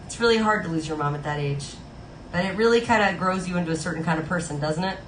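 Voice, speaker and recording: She's a streamer in her thirties who takes Disney song requests, reading comments aloud and chatting easily with her audience. Her voice is on the low side and she talks fast. The echoey room has music playing and a little hiss or hum.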